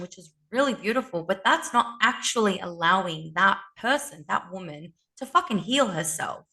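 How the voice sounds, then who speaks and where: A woman's voice: mid-range voice, animated, normal speed, few pauses, bright, forceful tone. A woman co-hosting a podcast in casual chat, passionate and outspoken, swearing freely as she talks. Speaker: podcast co-host.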